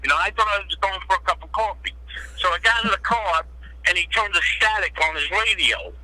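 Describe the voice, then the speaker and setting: A man's voice: high-pitched, lively intonation, fairly quick, a crowd in the background. A man, a guest telling blunt, profane stories in street talk, heard over a phone line. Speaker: guest, former mobster. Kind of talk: casual interview storytelling.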